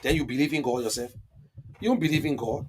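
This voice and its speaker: A man's voice: mid-range voice, quick pace, a little mellow, a little hiss or hum. A man hosting a political live stream, answering viewer comments in an emphatic, repetitive and argumentative way.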